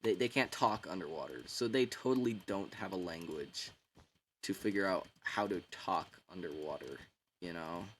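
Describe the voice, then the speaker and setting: A man with a fairly low voice recaps a story in a loose, rambling way. He leans on filler words and slang and keeps an irreverent, offhand tone. A faint hiss sits in the background. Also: normal speed, a bit bright. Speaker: book summarizer. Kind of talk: casual rambling retelling.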